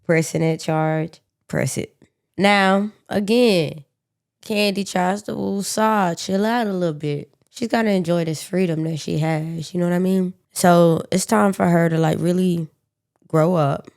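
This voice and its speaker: A woman's voice: fairly low pitch, unhurried, creaky, darkish tone. A woman co-hosting a podcast, telling a true-crime story in a casual, slangy, profane way with joking asides. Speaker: podcast co-host.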